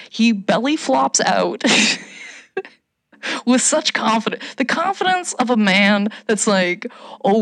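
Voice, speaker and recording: A woman from Canada telling a funny story in casual chat, animated, swearing and shouting out quoted lines. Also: mid-range voice, no echo, studio quality.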